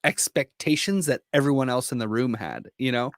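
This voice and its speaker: A man's voice: medium pitch, no echo, studio quality. A young man co-hosting a casual podcast, talking about a film with enthusiasm and lots of fillers. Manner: enthusiastic, many fillers, quick bursts of excitement. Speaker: podcast co-host.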